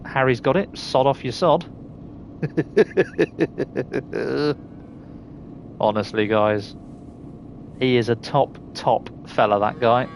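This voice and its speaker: This is a game live-stream where a middle-aged, Surrey-accented Englishman chats informally, reads viewers' names aloud, and laughs often. His voice sits mid-range, with slight background noise present.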